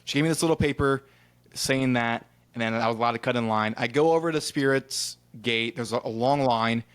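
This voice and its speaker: A man's voice: mid-range voice, fairly quick, smooth. Rambling, chatty podcast guy. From Ohio. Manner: rambling storyteller who acts out quoted exchanges, swears casually. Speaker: podcast co-host. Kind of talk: casual chat.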